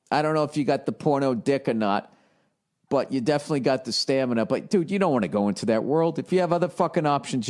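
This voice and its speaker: A man's voice: medium pitch, a little mellow. Blunt, profane man in his forties. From United States. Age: 40s. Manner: profane, blunt, sarcastic advice. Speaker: podcast host. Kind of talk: casual comedic podcast monologue.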